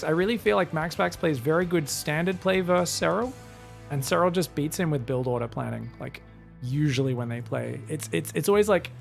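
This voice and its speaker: Solo esports caster, young male, slightly high, gravelly; casual chatter, faint music under. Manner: casual, chatty, bursts into loud excited yelling. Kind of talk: solo play-by-play game commentary.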